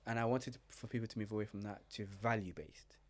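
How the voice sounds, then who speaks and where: A man's voice: fairly low pitch, brisk. A young man, a relationship coach chatting casually on a podcast and acting out his friends' voices as he tells stories. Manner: animated storyteller, acts out friends' voices.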